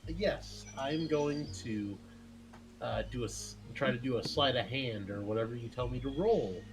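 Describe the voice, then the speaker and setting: A man's voice: mid-range voice, unhurried, over music. A man playing a tabletop game, hesitant and laughing often while he talks through his character's choices. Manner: hesitant, laughs a lot, swears. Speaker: player. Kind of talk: casual chat during a tabletop game.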